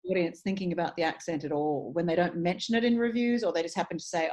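A woman's voice: lowish voice, fast talker, darkish tone. A middle-aged woman with an Australian accent, a voice and dialect coach talking casually and articulately in an interview, restarting phrases as she thinks aloud.

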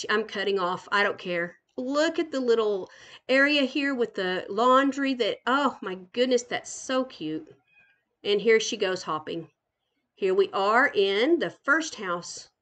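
An older woman, a grandmother, chatting warmly as she tours a game island live, gushing and giggling. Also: fairly high pitch. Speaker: gaming channel host. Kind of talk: casual live game tour commentary.

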